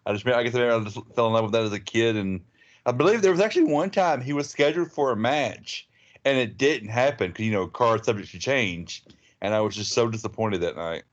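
Chill podcast dude rambling, repeats words, muffled lo-fi mic. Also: male voice, mid-range voice, lively intonation, fast talker. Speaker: podcast co-host. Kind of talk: casual chat.

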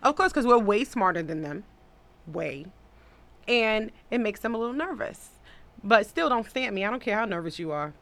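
A woman's voice: mid-range voice, sing-song, normal speed, fairly bright tone. A woman hosting a podcast, chatting casually and bluntly, cursing and laughing as she reads listener comments. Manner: blunt, profane, laughs a lot. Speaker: podcast host.

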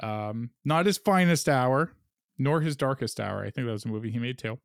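A man co-hosting a casual podcast who talks in a low-key, wry way with many fillers. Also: animated, normal speed, vocal fry, no echo, studio quality. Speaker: podcast co-host. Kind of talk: casual chat.

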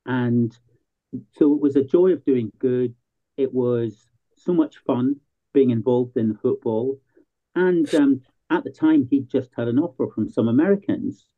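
A man from Northern Ireland, a new football club co-owner, chatting casually in an interview and telling relaxed, self-deprecating stories. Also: medium pitch, measured pace. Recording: tinny phone-like line.

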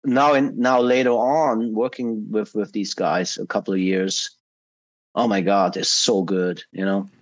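A man guesting on a podcast interview, his voice sitting a little low. He speaks casually and warmly encourages the host. His speech is full of pauses and fillers as he looks for the right words. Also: steady tone. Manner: encouraging, hesitant with many fillers. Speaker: guest, music tour technician.

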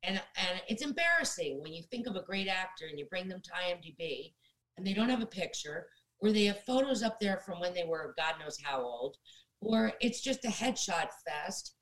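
A middle-aged woman with a slightly low voice chats as a guest on an interview. She speaks bluntly and gives frank career advice, often turning to address her listeners directly. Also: expressive, normal speed, a bit bright, low-quality recording. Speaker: actress and guest. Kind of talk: casual interview chat.

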